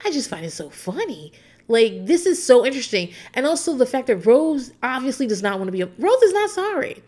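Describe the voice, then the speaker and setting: A woman's voice: mid-range voice, creaky. A woman in her thirties, casually and opinionatedly recapping a reality show as a podcast host, rambling with plenty of fillers. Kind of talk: casual chat.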